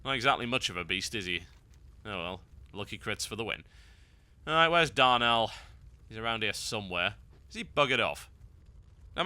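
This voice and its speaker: A man's voice: fairly low pitch, bright, forceful tone, no echo. A man hosting a game guide, giving wry, sarcastic gameplay commentary.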